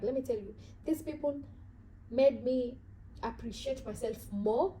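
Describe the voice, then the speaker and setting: Mellow, higher-voiced woman with an African accent. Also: a little hiss or hum, low-quality recording. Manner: earnest and reflective, often restarting and repeating words. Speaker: vlogger. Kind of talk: casual talk to camera about self-growth.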